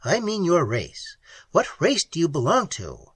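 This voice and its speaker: A man's voice: a little high, wildly swooping pitch, a little slow, fairly bright tone, breathy edge, no echo, pitched above the performer's own voice, exaggerated voice. A man reading the part of a blunt, practical male explorer with dry humor. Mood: curious. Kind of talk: audiobook character reading.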